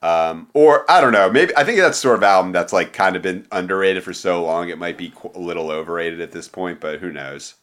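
A man's voice: low voice, lively intonation, brisk, few pauses, fairly bright tone. A man co-hosting a casual podcast, talking in a loose, rambling way with casual swearing. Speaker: podcast co-host.

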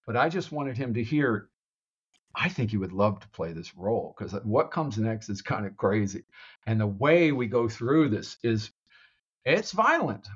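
A man telling his own screenplay with loose, animated energy, breaking into laughs and playing out bits of dialogue. He talks like he is chatting with a friend. The recording sounds slightly dull and lo-fi. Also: lowish voice, a little slow, husky. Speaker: screenwriter pitching a story. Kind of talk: casual storytelling chat.

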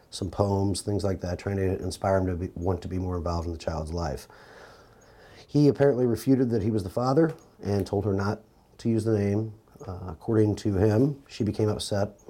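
Male detective in an interview, lowish mellow voice, matter of fact, some stumbles. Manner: matter-of-fact account with hesitations. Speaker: police detective. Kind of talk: recorded interview.

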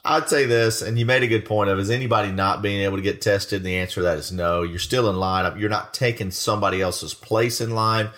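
A man's voice: lowish voice, steady tone, a little fast, hardly any pauses, fairly bright tone. A man co-hosting a casual podcast, speaking bluntly and plainly and swearing casually. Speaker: podcast co-host.

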